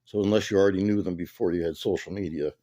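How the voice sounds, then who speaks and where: A man's voice: low voice, steady tone, fast, mellow, no echo, clean studio sound. A man hosting and reacting to clips in blunt, sardonic casual chat. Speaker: podcast host.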